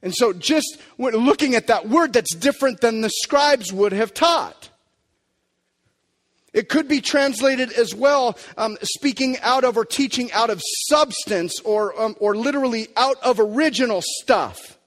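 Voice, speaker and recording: Man, pastor, sermon, high voice, emphatic, long hall echo. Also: unhurried. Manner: animated, emphatic preaching with dramatic drops to quiet.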